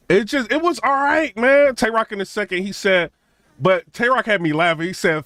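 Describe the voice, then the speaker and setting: A man's voice: sits high, very animated, normal speed, sharp tone, no echo. A man hosting a channel, reviewing a rap battle in casual, rambling commentary and trailing off with "man" and "bro". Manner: laid-back, rambling, drawls "man" and "bro", laughs between points.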